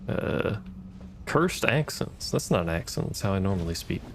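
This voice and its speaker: A man's voice: low voice, brisk, creaky, darkish tone, slight background noise. A man giving casual gameplay commentary, wry and profane, talking back to the enemies on screen. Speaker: gaming streamer.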